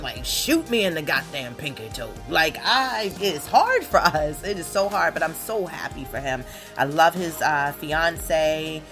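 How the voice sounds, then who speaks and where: A woman, hosting a casual solo podcast in a brash, profane, animated way with sudden loud outbursts. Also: sits low. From Baltimore area, USA. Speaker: podcast host.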